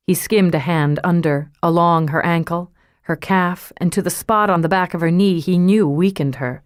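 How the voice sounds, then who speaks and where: This is scripted audiobook narration of a novel by a woman with a low-leaning voice, delivered in a steady, even storytelling style. The studio sound is clean, with no room sound at all.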